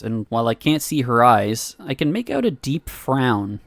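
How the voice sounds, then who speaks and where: A man's voice: mid-range voice, normal speed, gravelly, no room sound. Man reading a visual novel aloud. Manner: expressive reading broken by laughs and asides. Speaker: streamer.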